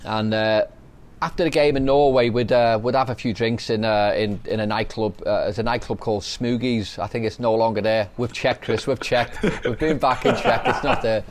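Middle-aged Scouse man, relaxed podcast storyteller, mid-pitched voice. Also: moderate pace, slight background noise. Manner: chatty, anecdotal, laughs while telling stories. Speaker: podcast host, former footballer. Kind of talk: casual storytelling chat.

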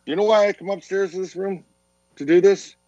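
A man's voice: high-pitched, fairly even intonation, fairly quick, crowd noise. A man calling into a sports talk radio show from his home by phone, blunt and teasing. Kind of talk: casual sports radio chat. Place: upstairs room at home. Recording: muffled phone line.

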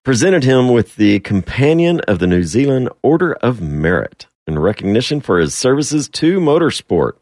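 A man's voice: mid-range voice, very animated, normal speed, few pauses, darkish tone, no echo, clean studio sound. A man co-hosting a sports radio show, joking and giving his opinions on racing in casual chat.

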